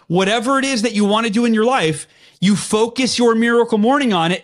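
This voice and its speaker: A man speaking as a guest in an interview, telling a personal story earnestly and with firm conviction, clearing his throat now and then. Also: high-pitched. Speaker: podcast guest.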